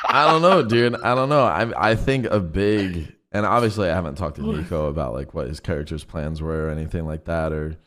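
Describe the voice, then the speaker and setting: A young man with a very low, deep voice talks in a loose, rambling way. He swears freely and leans on fillers as he goes. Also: fairly quick, hardly any pauses, a bit bright. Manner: laid-back, rambling, swears a lot, heavy fillers. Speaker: streamer and roleplay group leader. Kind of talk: casual out-of-character chat.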